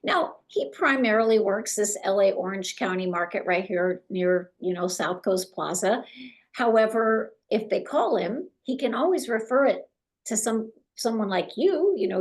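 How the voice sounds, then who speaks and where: A middle-aged woman coaching real estate agents in an animated way, acting out conversations with clients. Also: medium pitch, normal speed.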